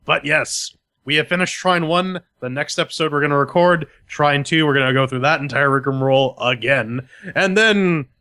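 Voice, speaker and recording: A man's voice: on the high side, moderate pace, sharp tone, smooth, no echo. A man co-hosting a gaming podcast, with crude, sarcastic banter and stammering restarts. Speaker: podcast co-host.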